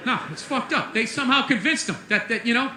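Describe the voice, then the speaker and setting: A man doing a stand-up comedy rant, profane and exasperated, bursting into shouts. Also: extremely high pitch, fast, reverberant, background noise.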